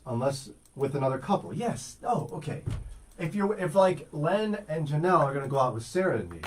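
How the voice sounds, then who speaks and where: A man's voice: fairly high pitch, darkish tone, slightly rough. A man hosting a casual morning show, teasing his co-host and telling stories. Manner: teasing, storytelling.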